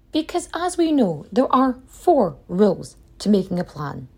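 A woman tells history stories on her podcast in a loose, chatty way. She wanders into personal asides and swears casually. Her voice is gravelly and a little husky, with a dark, mellow tone. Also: fairly high pitch, expressive, measured pace. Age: adult mother. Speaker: podcast host.

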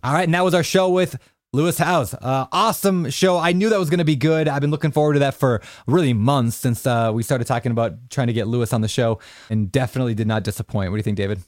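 Upbeat male podcast co-host, rapid casual delivery, dry mic. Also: medium pitch, dry recording. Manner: upbeat, laid-back, uses dude and man.

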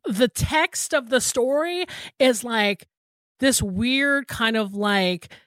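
A woman's voice: a little high, lively intonation, slow, a bit bright, dry recording, clean studio sound. A woman in her thirties co-hosting a podcast, telling a story in casual chat with lots of "like" and some swearing. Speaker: podcast co-host.

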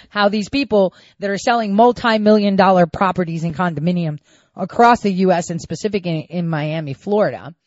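Woman commentator, sarcastic and animated, slightly low voice, dry close mic. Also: normal speed, no room sound, lo-fi sound. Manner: sarcastic, animated, reads quotes aloud. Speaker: political commentator. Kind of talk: opinionated commentary.

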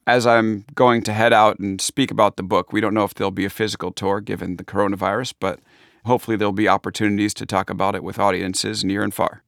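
A low-pitched man with a Long Island accent talks casually about his book. He sounds chatty and pokes fun at himself. The recording is dry and close, with no room sound. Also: little pitch movement, fast talker, a bit bright, no room sound. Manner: chatty, self-deprecating. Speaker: author. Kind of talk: casual interview answers.

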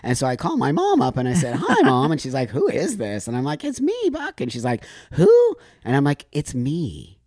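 A man's voice: mid-range voice, sing-song, fast, few pauses, darkish tone, no room sound, studio quality. A man talking openly and with feeling as a podcast guest, telling personal stories and backing up the hosts. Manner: emotional, open, affirming. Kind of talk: candid podcast storytelling.

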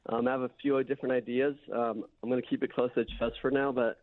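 A man's voice: mid-range voice, level tone, quick pace, no room sound. A man calling into a radio show, joking and teasing the hosts in casual chat. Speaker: radio caller. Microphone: phone. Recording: tinny phone line.

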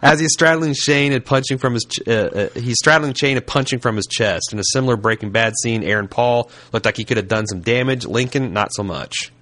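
A man's voice: mid-range voice, fairly quick, hardly any pauses, a bit bright. A man from Indianapolis hosting a podcast, chatting casually in a blunt, wry way with a lot of swearing. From Indianapolis, USA. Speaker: podcast host. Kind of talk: casual chat.

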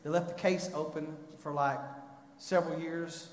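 A man preaching a sermon, telling a story and rising to loud, impassioned pleading. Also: on the high side, steady tone, moderate pace, slight background noise. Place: church. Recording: echoey hall.

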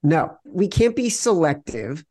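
A man with a slightly high voice argues picks on a betting podcast, wry and insistent. His tone is conversational and quick to push back. The mic is close and dry. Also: sing-song, warm tone, no echo. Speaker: podcast co-host, sports betting analyst. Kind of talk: casual sports betting debate.

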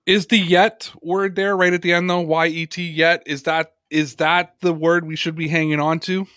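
A man's voice: a little high, level tone, normal speed, bright, forceful tone, dry recording, studio quality. Emphatic man hosting a sports podcast. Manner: emphatic, talkative, reads chat comments aloud. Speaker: podcast host. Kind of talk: casual sports talk.

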